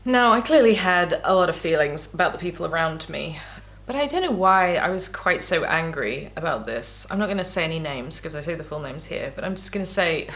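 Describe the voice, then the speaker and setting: A woman's voice: deep voice, animated, a little fast, fairly bright tone. A woman vlogging casually as she reads her old diaries aloud, candid and self-mocking, laughing often. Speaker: YouTuber.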